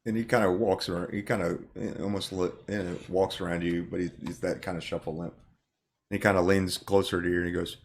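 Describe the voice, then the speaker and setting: Gravelly-voiced man as game master. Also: deep voice, fairly even intonation, a little fast. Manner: loose, hedging narration full of "kinda". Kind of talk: narrating a tabletop game.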